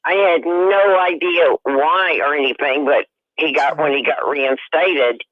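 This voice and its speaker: A woman caller telling a personal story over the phone, emphatic and growing loud and heated. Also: deep voice, unhurried, no room sound. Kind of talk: personal story on a call-in show. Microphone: telephone. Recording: tinny phone line.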